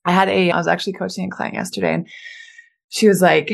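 A woman's voice: lowish voice, little pitch movement, fast talker, vocal fry. A woman hosting a podcast interview, affirming her guest often. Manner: affirming, with frequent yeahs. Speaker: podcast host.

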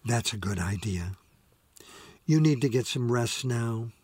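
A man reading an audiobook, voicing a gentle husband who quietly comforts his wife. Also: lively intonation, measured pace, slightly rough, dry recording. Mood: consoling. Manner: low, hushed, consoling.

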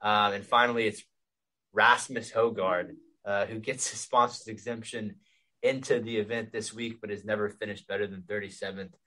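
A man's voice: on the low side, fairly even intonation, normal speed, pushed and bright, poor audio. A man co-hosting a podcast, steadily going through golf betting picks with frequent "um" fillers.

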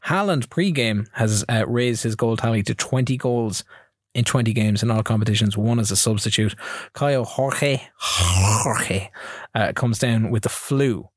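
A man's voice: on the low side, no echo, studio quality. Man recapping video game matches. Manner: recaps matches in quick rambling bursts. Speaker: podcast co-host. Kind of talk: casual gaming podcast chat. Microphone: studio mic.

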